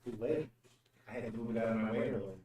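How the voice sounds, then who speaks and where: A woman's voice: a bass voice, quick pace, warm tone. A woman chiming in on a live stream with dry, offhand remarks. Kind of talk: casual chat on a live stream. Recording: echoey room, far from the mic.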